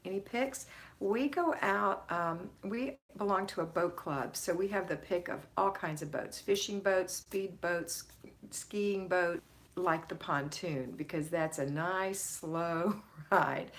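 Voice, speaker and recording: A woman hosting a live stream, chatting casually, reading out viewers' comments and greeting them by name with frequent laughs. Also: on the low side. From Florida, United States. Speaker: host of a home-organizing live stream.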